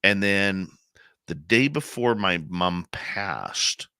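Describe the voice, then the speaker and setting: Deep bright-toned man telling a heartfelt story. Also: lively intonation, takes it slowly, clean tone, no room sound, studio quality. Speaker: radio show host. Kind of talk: conversational interview.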